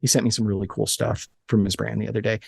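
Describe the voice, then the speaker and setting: A man in his late thirties from Alabama, a guest telling animated, joking stories from his office with frequent restarts. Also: fairly low pitch, quick pace, creaky, breathy edge, dry recording. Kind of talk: casual interview chat.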